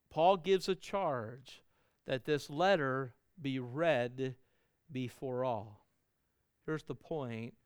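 A middle-aged man preaching a sermon as a pastor, earnest, building up louder and then dropping to soft endings. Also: medium pitch, very slow, clean tone, no room sound, studio quality.

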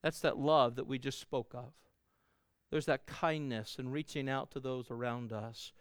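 A middle-aged male pastor preaching with earnest conviction, his phrases swelling louder and then falling away soft. The voice is smooth and resonant, recorded close and dry with no room sound. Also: mid-range voice, fairly even intonation, measured pace, no room sound. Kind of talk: sermon.

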